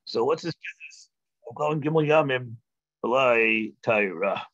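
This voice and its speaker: A man, a rabbi, teaching a text-study class, thinking aloud with halting restarts and filler sounds. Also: mid-range voice, expressive, fairly bright tone, no echo, dull audio.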